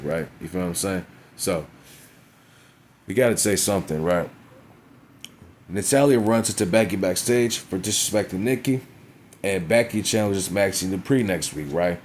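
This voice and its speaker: Deep-voiced man ranting bluntly. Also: moderate pace, slight background noise. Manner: blunt, profane, frequent "you know what I'm saying". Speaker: wrestling show reviewer. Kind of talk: casual profane rant.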